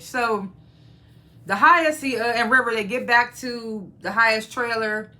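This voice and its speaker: A woman's voice: fairly high pitch, moderate pace, sharp tone. Blunt, profane woman recapping a TV episode. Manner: blunt and profane, retells scenes by acting out characters' lines. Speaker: TV review channel host. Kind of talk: casual spoken episode recap and review.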